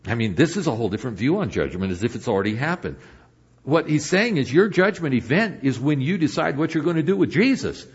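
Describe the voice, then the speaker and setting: Husky older man preaching with lively swings. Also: medium pitch, fast talker, highs cut off. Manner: lively preaching, swinging between emphatic and hushed. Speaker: pastor. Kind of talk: sermon.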